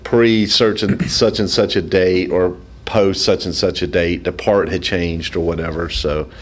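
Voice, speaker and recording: A man's voice: deep voice, fairly even intonation, measured pace. A man who is a mechanic, a regular guest on a call-in radio show, explaining car matters in an easygoing way. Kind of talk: casual radio chat.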